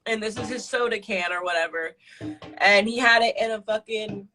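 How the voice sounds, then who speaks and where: A woman's voice: mid-range voice, moderate pace, bright, forceful tone, soft background music, rough recording. A woman in her twenties on a live stream, telling a personal story in a casual, rambling way, full of fillers and swearing. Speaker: livestream guest.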